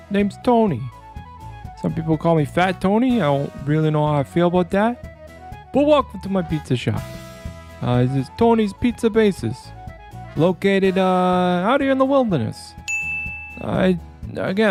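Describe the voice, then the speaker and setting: A man's voice: high voice, big pitch swings, moderate pace, darkish tone, soft background music. A man playing a nervous pizza shop owner on the run in a comedy commercial skit. He rambles and stalls through excuses. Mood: shifty salesman.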